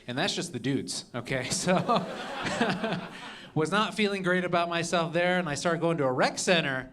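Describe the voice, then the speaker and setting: A man's voice: on the high side, normal speed, background noise. Young male comic working a live room. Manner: punchy, adds "okay?" and "all right?" after jokes. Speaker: stand-up comedian. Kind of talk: stand-up comedy set. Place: comedy club stage.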